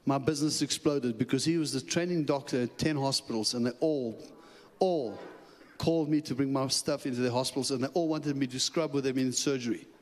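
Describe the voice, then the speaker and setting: A man preaching as a guest speaker, telling a personal story with lively, chuckling asides in which he acts out his own thoughts. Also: mid-range voice, brisk. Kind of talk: sermon storytelling. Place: church sanctuary. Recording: long church hall reverb.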